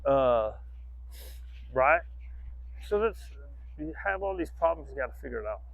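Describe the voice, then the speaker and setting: A man's voice: mid-range voice, lively intonation, measured pace, gravelly, no room sound, narrow, tinny audio. A man training a dog outdoors, rambling casually to the camera, swearing freely and breaking off to give the dog commands.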